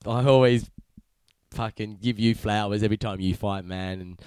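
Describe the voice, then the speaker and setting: A man's voice: fairly low pitch, steady tone, normal speed, a little mellow, smooth, no echo. A man hosting a podcast interview, chatting in a matey, rambling way with lots of swearing and fillers. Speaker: podcast host. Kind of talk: casual chat.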